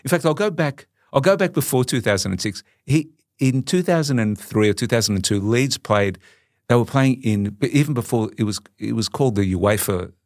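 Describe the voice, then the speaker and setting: A man in middle age chats as a podcast guest, rattling through anecdotes. His pitch swings widely whenever he mimics someone else. The sound is close and dry, with no room around it. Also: moderate pace, no room sound. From Australia. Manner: animated anecdotes, acts out quotes with big pitch jumps. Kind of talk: casual storytelling chat.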